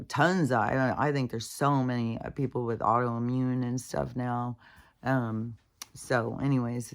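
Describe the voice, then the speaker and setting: A woman's voice: rumbling low, vocal fry. A woman talking in a casual, rambling way, venting and swearing freely while worn out and in pain. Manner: profane, venting, full of fillers. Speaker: vlogger.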